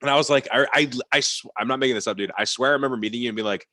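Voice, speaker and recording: A man's voice: medium pitch, bright, forceful tone, no echo, studio quality. A young man telling stories as a podcast guest in casual chat, heavy on "like" and swearing. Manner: rapid, filler-heavy with frequent "like" and swearing. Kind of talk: casual storytelling.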